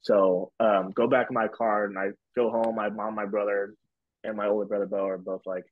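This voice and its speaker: With a lowish voice, flat delivery and moderate pace, a podcast guest in his twenties tells a story casually. He rambles loosely, relying heavily on fillers like "like" and "whatever." The sound is dull, lo-fi and dry, with no echo.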